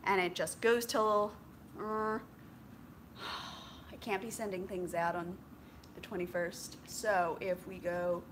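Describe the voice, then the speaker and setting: A woman hosting a knitting podcast, chatting casually to her viewers and slipping into high sing-song baby talk with her dog. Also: background noise. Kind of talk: casual chat to camera.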